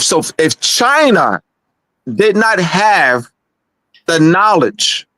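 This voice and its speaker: A man's voice: on the high side, sharp tone, no echo. A man presenting in a casual online discussion, pressing his points by repeating words and asking questions.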